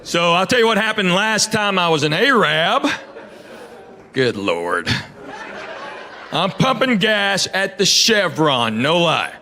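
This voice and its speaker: Lively-voiced male stand-up comedian. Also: high-pitched, slow, long pauses. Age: middle-aged. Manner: storytelling, acting out dialogue with character voices. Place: large venue with live audience laughing. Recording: echoey live venue with crowd noise.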